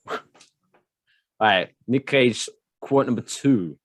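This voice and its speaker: A man's voice: mid-range voice, takes it slowly, long pauses, no room sound, studio quality. A man co-hosting a casual podcast, running a quiz and chatting playfully. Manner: lively, does playful put-on accents when reading quotes. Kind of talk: casual chat.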